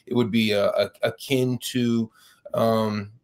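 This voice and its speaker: A man's voice: fairly low pitch, fairly even intonation, slow, a little mellow. A man with a New York accent, a fired professor being interviewed, arguing his case with many restarts and rising intensity when indignant. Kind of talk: interview, impassioned argument.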